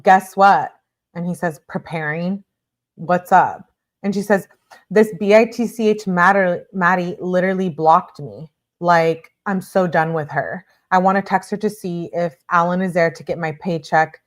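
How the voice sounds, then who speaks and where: A woman with a lowish voice reads a string of text messages aloud as a true-crime host. She moves through them briskly and stops now and then to add blunt comments of her own. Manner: brisk reading punctuated by blunt asides.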